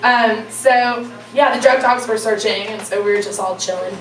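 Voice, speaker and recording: A woman's voice: fairly high pitch, fairly even intonation, moderate pace. A young woman telling a funny story to a live audience, casual and profane, laughing often. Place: stage before a live audience. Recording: echoey room, distant mic, audience noise.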